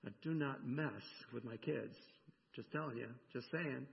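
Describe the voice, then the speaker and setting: A middle-aged man preaching a sermon, animated, swinging between loud emphasis and hushed near-whispers. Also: medium pitch, normal speed, gravelly. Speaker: pastor. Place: church sanctuary. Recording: dull, echoey church recording.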